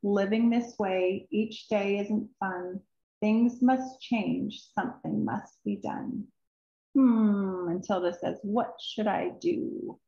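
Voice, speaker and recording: A woman reading her own children's book aloud, expressive and emotional, with sighs and drawn-out words. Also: medium pitch. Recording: roomy, dull recording.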